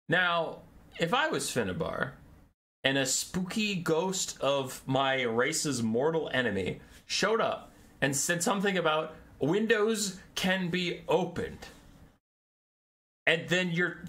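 A man's voice: a little high, very animated, unhurried, a bit bright. A young man in a casual, exasperated lore rant, sarcastic and swearing often. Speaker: lore video creator.

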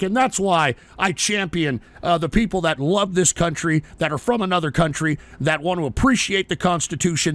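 A man rants on a live radio-style show in a high, wildly swinging voice that keeps breaking into shouts, mocking his chat with constant profanity. The recording is dry and close on the mic, with no room sound. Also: no room sound. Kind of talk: ranting live show monologue.

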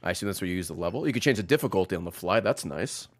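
A man in his thirties giving loud, excitable let's-play commentary, swearing and laughing as he plays. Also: deep voice, rapid-fire. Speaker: gaming streamer.

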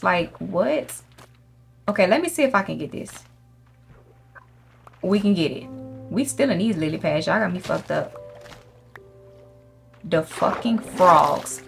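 A woman with a lowish, creaky, slightly bright voice hosts a gaming channel, chatting profanely through casual let's-play commentary and addressing her viewers directly. Game music plays faintly behind her.

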